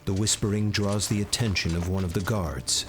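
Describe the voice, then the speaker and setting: A man giving measured second-person scripted narration for a game. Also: on the low side, fairly even intonation, a little hiss or hum.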